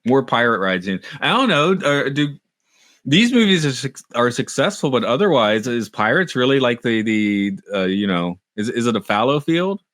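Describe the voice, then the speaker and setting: A man's voice: mid-range voice, sing-song, normal speed, a bit bright, no echo, clean studio sound. A middle-aged man co-hosting a podcast, rambling and self-mocking, with frequent restarts. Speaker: podcast co-host. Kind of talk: casual chat.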